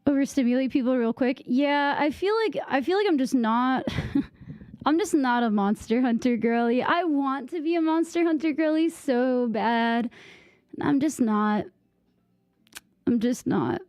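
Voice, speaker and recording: A woman's voice: high voice, measured pace, a little mellow, no echo, studio quality. A young woman chatting casually while playing a game, rambling and easily distracted, with lots of "like" fillers. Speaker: gaming streamer. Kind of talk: casual gameplay chat.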